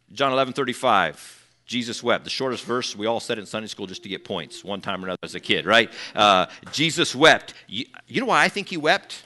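Male preacher, animated storyteller who acts out quotes, bright edge to the voice. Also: fairly low pitch. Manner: conversational asides to the congregation. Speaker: pastor. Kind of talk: sermon.

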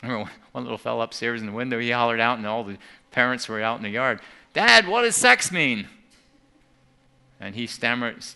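A man's voice: mid-range voice, level tone, racing, vocal fry, bright, forceful tone, clear, resonant tone. A man giving an earnest talk to a church audience, often restarting and repeating words. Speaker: seminar speaker.

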